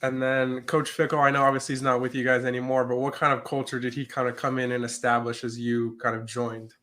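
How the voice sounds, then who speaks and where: A man's voice: mid-range voice, flat delivery, a little fast, bright, forceful tone. A man hosting a sports interview, asking friendly, conversational questions.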